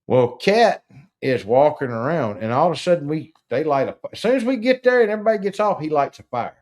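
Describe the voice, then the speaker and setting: A man's voice: a little high, very animated, fairly quick, darkish tone. A man telling a rambling, profane, folksy story in casual chat, with frequent stammered restarts. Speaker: podcast host.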